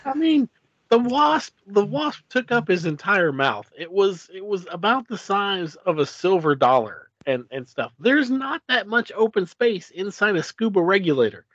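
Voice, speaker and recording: A man's voice: sits high, very animated, normal speed, a bit bright, slightly rough, no echo. A man co-hosting a podcast, explaining things eagerly with stammering restarts. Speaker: podcast co-host. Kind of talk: casual chat. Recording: dull lo-fi sound.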